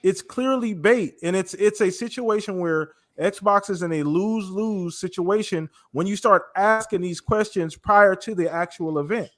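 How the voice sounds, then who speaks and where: Brief: male host, high, bright tone, chatty and teasing. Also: moderate pace, hardly any pauses. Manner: animated, mocking, repeats for emphasis. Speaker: podcast host. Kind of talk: casual podcast chat.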